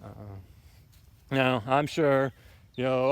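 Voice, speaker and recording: A man's voice: medium pitch, sing-song, measured pace, pauses often, no echo. Blunt, rambling man on a garden walk. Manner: blunt, opinionated, rambling with frequent fillers. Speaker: homesteading vlogger. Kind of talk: casual ranting garden tour. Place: outdoors in a garden.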